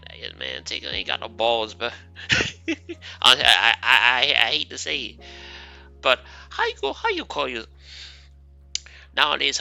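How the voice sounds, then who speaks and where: A man co-hosting a casual reaction commentary, loud and swearing, laughing at his own jokes. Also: on the low side, vocal fry. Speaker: co-host reacting to clips.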